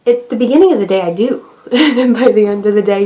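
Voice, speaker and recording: A woman's voice: medium pitch, quick pace, hardly any pauses, mellow, rough recording. Rambling, chatty woman vlogging at home. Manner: rambling, chatty, self-deprecating. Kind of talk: casual talk to camera.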